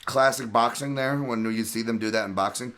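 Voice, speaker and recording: A man hosts a casual podcast over a video call, talking with energy and chiming in fast with agreement. His voice has a bright, forceful edge, sitting at an ordinary male pitch. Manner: energetic, quick to react and agree. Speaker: podcast host.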